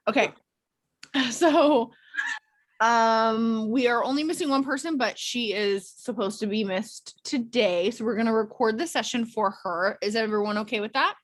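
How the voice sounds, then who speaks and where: A woman leading a casual group check-in as a clinical instructor, talking on a video call in a chatty, animated way with quick asides. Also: a little high, no room sound.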